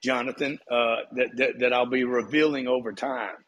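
A confident man talks up the show and rallies listeners to join. His voice is mid-pitched and a little husky. He speaks in a persuasive, promotional way. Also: steady tone, normal speed, fairly bright tone. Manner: confident, promotional, hyping the audience. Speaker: guest speaker.

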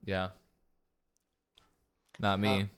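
A man's voice: low voice, monotone, extremely slow, a bit bright, clear, resonant tone. A young man co-hosting a podcast, asking playful questions and giggling often. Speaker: podcast co-host. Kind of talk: casual comedic chat.

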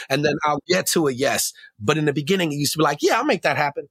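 A man talking as a podcast guest in casual conversation, animated and slangy, often laughing and acting out his own voice. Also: a little high, very fast, hardly any pauses, no echo, clean studio sound.

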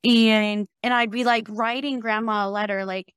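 A woman hosting a podcast in casual conversation, animated and full of fillers and restarts. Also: fairly high pitch, normal speed, clear, resonant tone, no room sound, studio quality. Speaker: podcast host.

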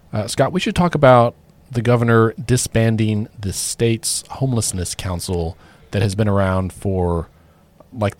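A podcast co-host from Oklahoma chats casually on a political podcast, often restarting phrases. His medium-pitched voice is a little mellow, and the recording is dry.

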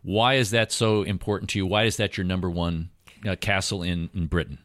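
A man hosting a podcast, asking brisk prompting questions in a casual interview. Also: deep voice, fairly even intonation, a bit bright, dry recording. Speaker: podcast host.

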